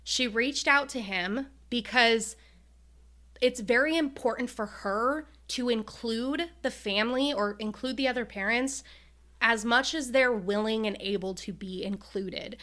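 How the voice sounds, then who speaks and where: A woman's voice: on the high side, unhurried, bright, forceful tone. A woman co-hosting a podcast in casual chat, retelling a story emotionally with many fillers. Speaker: podcast co-host.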